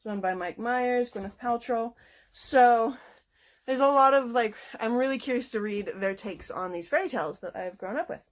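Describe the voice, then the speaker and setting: A woman with a fairly high voice talks through her latest book haul in a relaxed, chatty way. She gets eager and bubbly over each find and scatters small fillers through her sentences. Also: normal speed. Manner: chatty and excitable, with many fillers like "like". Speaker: book vlogger. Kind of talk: casual book haul chat.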